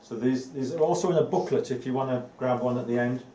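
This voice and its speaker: At a quick pace and with a dark tone, a medium-pitched man gives a live evening talk as a spiritual teacher. Earnest, he repeats words for emphasis and adds light laughs now and then, addressing an audience in an indoor room. He's far from the mic, off-mic in an echoey room, over faint ambient noise.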